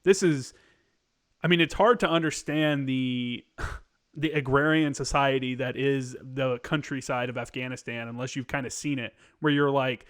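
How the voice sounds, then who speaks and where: A man's voice: mid-range voice, steady tone, normal speed, clear, resonant tone. A man hosting a podcast, talking casually and loosely with many fillers. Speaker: podcast host. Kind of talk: casual conversation.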